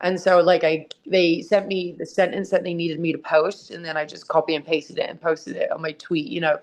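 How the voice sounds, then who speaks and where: Blunt, low-voiced woman guest. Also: little pitch movement, fairly quick, a little mellow. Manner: blunt, emotional, swears freely. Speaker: interview guest, wrestler and author. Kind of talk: candid interview over a call. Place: at home with her dog nearby.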